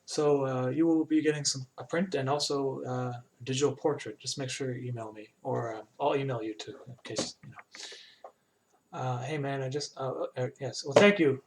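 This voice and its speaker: A man chatting casually while he animates on a live stream, halting often with fillers and restarts. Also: medium pitch, steady tone, noisy background. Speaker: animator streaming his work.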